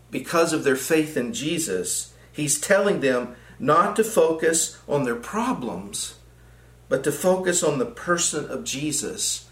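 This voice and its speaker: A man's voice: fairly high pitch, a bit bright. Echoey man teaching a Bible study. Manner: explanatory, repeats phrases for emphasis. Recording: echoey room.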